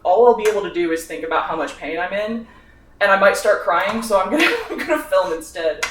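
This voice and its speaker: A man's voice: high voice, a bit bright, slight background noise. A young man in his twenties rambles through a casual cooking vlog, worn out and sick from sunburn. He mocks himself, swears freely and keeps breaking into laughter. His voice comes from a distance in an echoey kitchen. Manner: rambling, self-mocking, swears often, laughs between phrases. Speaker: vlogger. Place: home kitchen while cooking.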